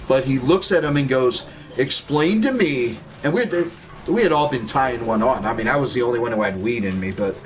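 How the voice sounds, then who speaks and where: A man's voice: mid-range voice, a little hiss or hum. A man casually telling a rambling story while gaming, laid-back and swearing freely. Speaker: gaming streamer.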